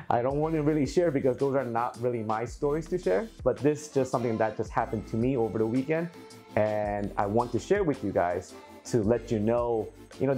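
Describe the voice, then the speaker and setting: Male vlogger, mellow tone, animated storyteller, light music bed. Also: medium pitch. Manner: animated, acts out quotes, laughs often. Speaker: aquarium hobby YouTuber. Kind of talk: casual storytelling to camera.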